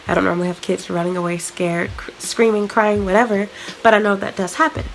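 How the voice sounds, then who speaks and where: Young adult woman vlogger, exasperated and blunt, gravelly fry in her voice. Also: mid-range voice, level tone, a little fast, a little hiss or hum, low-quality recording. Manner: frank, exasperated ranting. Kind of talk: ranting vlog to camera.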